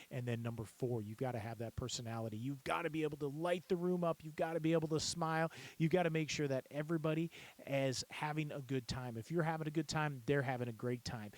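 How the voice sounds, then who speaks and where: A man coaching would-be auctioneers in a plain, mid-pitched voice. He talks in an upbeat, repetitive teaching manner and breaks into rapid bid-calling chant to demonstrate. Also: dry recording. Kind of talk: instructional talk to camera.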